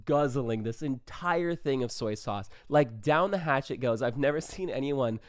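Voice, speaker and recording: A man's voice: medium pitch, lively intonation, normal speed, dry recording, studio quality. A man telling a wild party story in a casual vlog, rambling, swearing and filling with "like". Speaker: vlogger.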